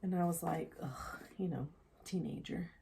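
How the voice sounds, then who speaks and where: A woman's voice: on the low side, measured pace, gravelly, background noise. A young woman vlogger telling a personal story casually, rambling and candid with many fillers, sometimes dropping into a whisper. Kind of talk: casual storytime while getting ready.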